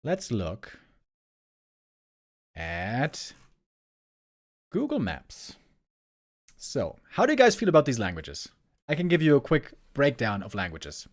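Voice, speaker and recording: A man's voice: medium pitch, huge pitch swings, slow pace, pauses often. A German man with an American-tinged English accent, chatting casually with stream viewers as an esports caster, rambling and repeating words as he searches for them. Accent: German with American-style English.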